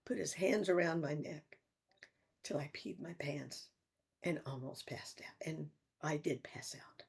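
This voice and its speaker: An older woman in a personal vlog, talking in a halting, reflective way with sighs and restarts. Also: sits low, vocal fry, slightly rough. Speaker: vlogger.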